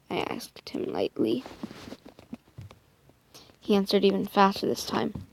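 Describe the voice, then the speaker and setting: Woman making up a story as she goes, slow and gravelly, keeps dropping to a whisper. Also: medium pitch, steady tone, no echo. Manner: hesitant, soft, slipping into whispers, self-correcting. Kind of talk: improvised first-person story narration.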